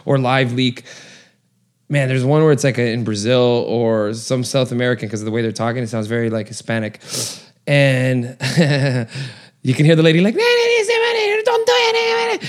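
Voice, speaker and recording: A relaxed young man in casual conversation. He drops "man" and "bro" constantly, laughs between thoughts, and mixes brutal anecdotes with easy jokes. His pitch sits in the middle range. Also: normal speed. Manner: laid-back, says "man" a lot, laughs often. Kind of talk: casual chat.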